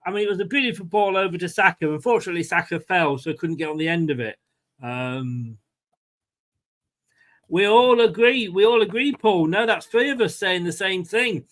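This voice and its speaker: Male fan host, rambling play-by-play mixed with chat to viewers, voice pitched a touch high. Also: brisk, fairly bright tone. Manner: chatty, rambling, answers viewers' comments by name. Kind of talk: casual live match watchalong commentary.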